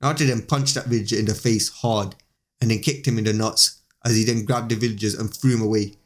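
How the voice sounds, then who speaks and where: A man's voice: fairly low pitch, fairly even intonation, quick pace. A man reading a fan story aloud in an unpolished way, with small slips, as host of his channel.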